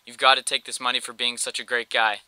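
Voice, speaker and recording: A man's voice: medium pitch, level tone, fast, bright, forceful tone, smooth, no room sound. A man voicing a grateful middle-aged father who earnestly presses his thanks on someone. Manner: earnest, pleading.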